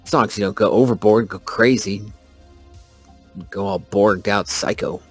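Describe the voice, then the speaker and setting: A man's voice: lowish voice, fairly even intonation, normal speed, breathy edge, faint music behind. A man playing a tabletop game, talking crudely and swearing freely. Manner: crude and profane. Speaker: player. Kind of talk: casual tabletop game play.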